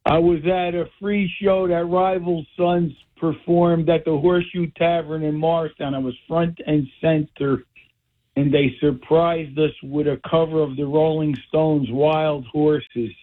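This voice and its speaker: Male radio caller, higher-pitched, emotional and rambling, phone-line audio. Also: steady tone, a little slow. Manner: emotional and rambling, with stammered restarts. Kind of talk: telling a personal story on a call-in show.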